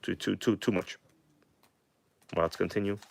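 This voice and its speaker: A man with a slight accent hosting a casual live stream, chatting loosely, swearing now and then and reading magazine text aloud in a halting way. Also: low-pitched, steady tone, creaky, a little hiss or hum. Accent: non-native English accent. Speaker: host of a live RC car stream. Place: home workshop in Queens.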